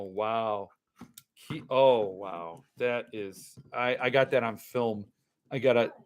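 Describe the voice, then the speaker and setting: A man's voice: mid-range voice, fairly bright tone. A man hosting a podcast, rambling in loose, joking casual chat while he opens and drinks wine. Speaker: podcast host.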